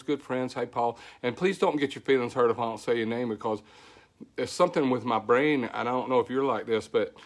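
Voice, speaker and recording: A rambling, folksy man with a Southern country drawl and a voice still a little hoarse from recovering. He talks in an easygoing, grateful way, greeting viewers one by one as the host of his weekly livestream. His pitch sits in an ordinary middle range. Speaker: host of a weekly tech show.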